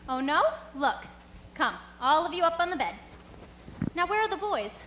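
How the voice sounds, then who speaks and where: A teenage girl acting a gentle, caring young governess on a school stage, speaking softly and singing a bright yodeling song. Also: sits high, sing-song, moderate pace, background noise. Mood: comforting. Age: teens. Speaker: student actor. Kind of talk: stage musical performance. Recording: echoey auditorium with live musical accompaniment.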